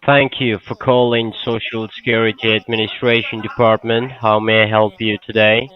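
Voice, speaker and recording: A man's voice: on the low side, flat delivery, moderate pace. A man working as a phone scammer, reading a formal call-center script over the phone. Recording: tinny phone line.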